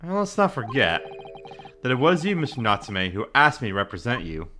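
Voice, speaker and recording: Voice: medium pitch, very animated, a little fast, sharp tone, a little hiss or hum. A player reading a game's young male law student acting as defense lawyer, earnest and a little stammering. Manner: hesitant, stammering.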